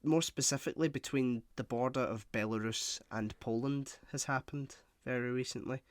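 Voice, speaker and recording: A man's voice: mid-range voice, normal speed, no room sound. Dry, teasing man. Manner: teasing, dry, brings up news topics. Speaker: podcast co-host. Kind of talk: casual podcast banter.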